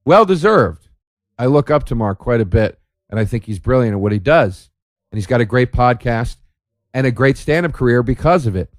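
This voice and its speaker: A man's voice: mid-range voice, lively intonation, normal speed, no room sound, studio quality. A man hosting a solo comedic podcast, speaking in a sardonic, profane, rambling way full of restarts. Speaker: podcast host. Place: indoor room by a window.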